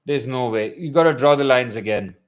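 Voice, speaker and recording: A young man delivers fairly quick, excitable live commentary in a mid-range voice for a fan watchalong. He alternates between calm play-by-play and loud bursts.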